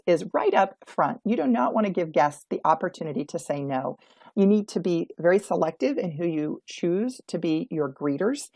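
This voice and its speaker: A woman with a fairly low, slightly mellow voice, recorded with no room sound, works as an auction consultant. In an instructional video she gives emphatic coaching tips and acts out example dialogue.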